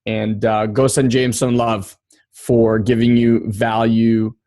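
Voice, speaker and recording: A man's voice: mid-range voice, flat delivery, slow pace, warm tone, dry recording. A man hosting a podcast, talking in a friendly, upbeat way. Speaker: podcast host. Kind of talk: casual podcast outro.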